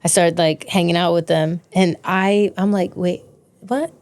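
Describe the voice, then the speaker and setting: A woman's voice: lowish voice, normal speed, clean tone. An American woman, a podcast guest, chatting casually and acting out quoted voices as she tells stories. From United States. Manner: animated storyteller who acts out quotes. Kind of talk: casual interview chat.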